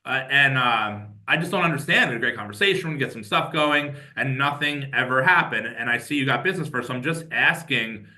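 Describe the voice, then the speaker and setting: A man voicing a puzzled male loan officer with an exaggerated Long Island accent, in a drawn-out storytelling delivery. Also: medium pitch, expressive, pushed and bright.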